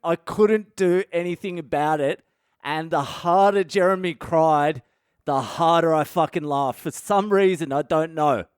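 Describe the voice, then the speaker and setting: A man's voice: fairly high pitch, unhurried, clear, resonant tone, no echo, clean studio sound. A man hosting a podcast, telling a story in a candid, profane, casual monologue and laughing at himself. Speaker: podcast host.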